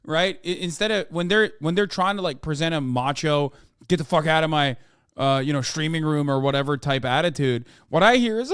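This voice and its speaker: Profane, animated male streamer, smooth voice. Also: a little high, brisk, no room sound, clean studio sound. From United States. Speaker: streamer and political commentator. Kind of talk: reacting to clips on a stream.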